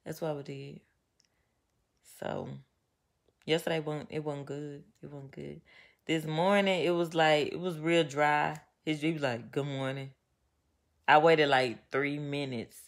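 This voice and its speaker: A woman chatting casually to her viewers, venting with animated storytelling and slang. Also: deep voice, measured pace, vocal fry. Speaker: vlogger. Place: home, getting ready.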